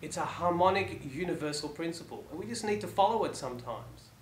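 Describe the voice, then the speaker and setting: A man giving a motivational talk to listeners, asking rhetorical questions and letting his phrases fall soft at the ends. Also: a little high, lively intonation, fairly quick. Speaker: motivational speaker. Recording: echoey room, faint background ambience.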